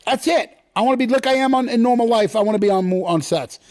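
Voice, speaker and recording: A middle-aged man who is an actor, talking as a guest in a casual interview and telling stories with lively, acted-out quotes. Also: very high-pitched, fast, no echo, clean studio sound. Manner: animated storyteller, acts out quotes in loud sudden bursts.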